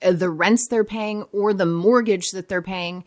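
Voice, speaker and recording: A woman's voice: mid-range voice, measured pace. Chatty, self-mocking woman guest. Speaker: podcast guest, former morning TV presenter. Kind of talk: casual chat.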